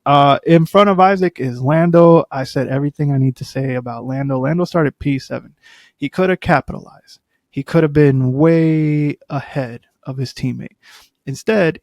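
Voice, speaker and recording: Chatty, gravelly-voiced man podcasting. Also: a little high, no echo, clean studio sound. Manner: chatty, rambling, lots of fillers and asides. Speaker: podcast host. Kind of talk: casual solo commentary.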